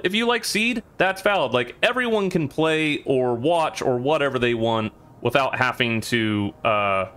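A man's voice: medium pitch, pushed and bright. A man casually commenting as he plays a video game on stream, rambling and laughing often. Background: game music.

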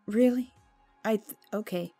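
A woman's voice: medium pitch, measured pace, mellow, dry recording, faint music behind. A woman giving casual gameplay commentary, chatty and easily flustered, jumping to exclamations and dropping into whispers when nervous.

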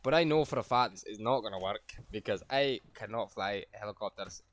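A man's voice: on the low side, a little fast. A man streaming a game, rambling and self-mocking as he plays and swearing freely. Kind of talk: casual gameplay commentary.

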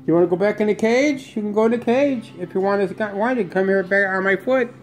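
A man coaxing his pet parakeet in a high, sing-song voice. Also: fast. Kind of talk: talking to a pet bird.

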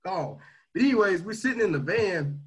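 A man leading a motivational livestream talk on leadership, energetic and slangy, swinging between loud pushes and quieter asides. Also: sits high, moderate pace, rough recording. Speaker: team leader teaching leadership.

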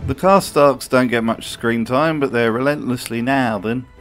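A man's voice: medium pitch, normal speed, a bit bright, soft background music. A man giving scripted commentary for a video, sarcastic and profane in his remarks.

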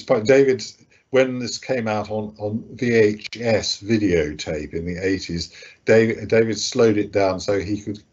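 A man's voice: on the low side, darkish tone, highs cut off. A man giving a talk about art over slides, hesitant, with many fillers and restarts. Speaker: guest speaker, art critic.

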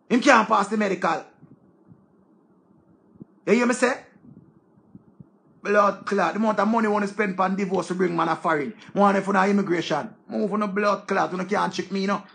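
A Jamaican-accented online commentator scolds his viewers heatedly in a casual rant, swearing freely. His voice sits high, with vocal fry and a fairly bright tone.

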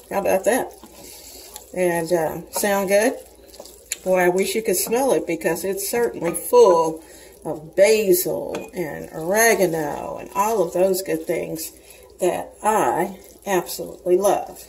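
A woman's voice: on the low side, takes it slowly, darkish tone, slight background noise, low-quality recording. A woman in her sixties hosting a cooking show from her home kitchen, chatting to viewers in a homey way as she cooks. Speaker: cooking channel host. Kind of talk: casual cooking demonstration.

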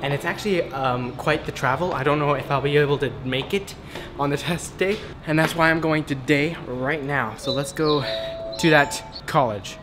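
A man's voice: fairly high pitch, moderate pace. A young man talking casually to the camera in an upbeat, chatty, self-joking way. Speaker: vlogger. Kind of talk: casual vlog talk to camera. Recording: music playing under the voice.

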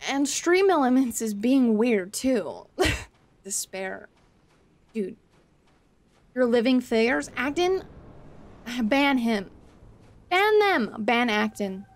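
A woman's voice: fairly high pitch, lively intonation, takes it slowly, long pauses. A woman streamer chatting casually while gaming, swearing freely, exasperated and laughing often as she answers her chat.

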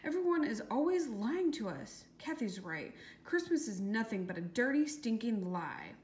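A woman's voice: on the high side, sing-song, normal speed, darkish tone. Woman doing a bitter schoolboy, indignant, storybook, echoey room. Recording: echoey room with faint hiss.

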